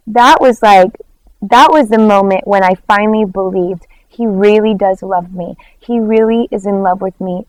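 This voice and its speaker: A worship leader tells a personal testimony in an interview, animated and acting out quoted dialogue, with lots of "like" fillers. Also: female voice, medium pitch, no room sound, low-quality recording. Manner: frequent "like" fillers.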